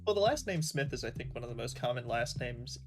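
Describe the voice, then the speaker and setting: Animated woman, salty casual banter, very lively intonation. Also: a bass voice, quick pace, over music. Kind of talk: casual chat while playing a game.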